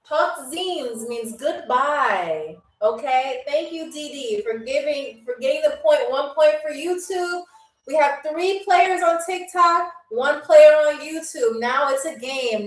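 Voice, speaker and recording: High-voiced woman hosting a live trivia stream, teasing and chatty, kinda far from the mic, echoey room. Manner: playful, teasing, chatty with viewers. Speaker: game show host. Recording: roomy sound from away from the mic.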